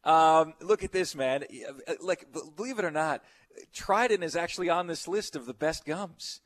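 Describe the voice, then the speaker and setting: A middle-aged man hosts a sports radio show with easy, rambling chatter. His voice sits a little high for a man. He riffs casually on listener messages. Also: moderate pace.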